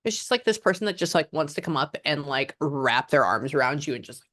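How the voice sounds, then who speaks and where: A woman's voice: low-pitched, lively intonation, fairly quick, fairly bright tone, no room sound, studio quality. A woman from Texas with a Texan accent, a psychic medium chatting to a client about how channeling works, rambling with many fillers and sometimes dropping to a whisper. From Houston, Texas.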